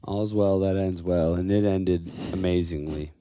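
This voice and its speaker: Young man, low voice, casual podcast banter, swears a lot, dry close sound. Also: steady tone, a little slow, warm tone, clean tone, dry recording. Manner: joking, profane, riffing. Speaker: podcast co-host.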